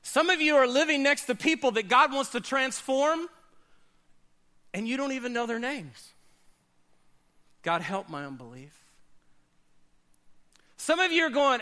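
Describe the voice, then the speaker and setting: Pastor, male, high bright voice, dynamic sermon delivery with loud peaks and hushed drops. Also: sing-song, a little slow, long pauses. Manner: dynamic preaching, swinging between loud high bursts and low quiet asides.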